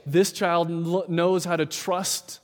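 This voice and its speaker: A man's voice: sits high, flat delivery. Preaching man in a reverberant hall. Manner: measured, emphatic, with dramatic pauses and quoted voices. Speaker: pastor. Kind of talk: sermon.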